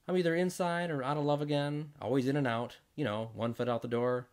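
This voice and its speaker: A man telling a comic first-person story, jokey and fast-shifting between voices. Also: medium pitch, steady tone, a little mellow. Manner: jokey storytelling with quick voice switches.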